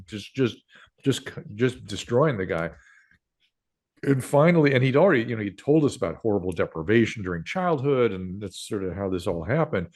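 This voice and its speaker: An older man in his sixties, a doctor and radio host, telling stories as an interview guest in a rambling way, with many fillers and restarts. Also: on the low side. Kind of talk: casual interview storytelling.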